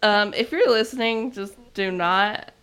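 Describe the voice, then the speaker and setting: A woman's voice: mid-range voice, unhurried, fairly bright tone, smooth. A woman co-hosting a gaming podcast, chatty and bubbly, laughing often. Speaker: podcast co-host. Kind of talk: casual chat.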